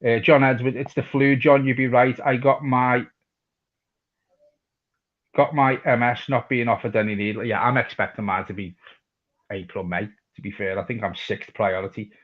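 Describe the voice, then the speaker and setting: Male Scouse fan-channel host, mid-pitched, laid-back and blunt, reads live comments; muffled stream sound. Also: fairly even intonation, moderate pace. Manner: casual, swears freely, reads chat messages aloud. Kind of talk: live match watch-along chat.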